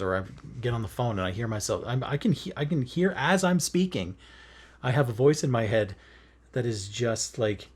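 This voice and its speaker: A man who makes cross-stitch videos talks from his bed at home while stitching, earnest and rambling, with many fillers, self-corrections and frequent laughs. His mid-range voice has a darkish tone and a breathy edge.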